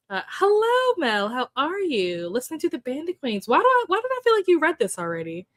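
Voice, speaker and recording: A woman's voice: on the high side, very animated, normal speed, no room sound. Chatty young woman hosting a livestream. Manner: chatty, laughs often, greets viewers by name. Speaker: livestream host. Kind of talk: casual chat with live chat readers.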